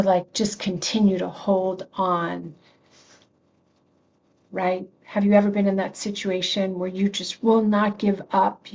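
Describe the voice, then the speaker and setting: A woman's voice: mid-range voice, a little mellow, muffled recording. A woman reverend leading an online prayer circle, talking in a loose, conversational way, restarting phrases, laughing often and answering comments from viewers. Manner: reads and answers chat comments. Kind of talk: informal spiritual talk.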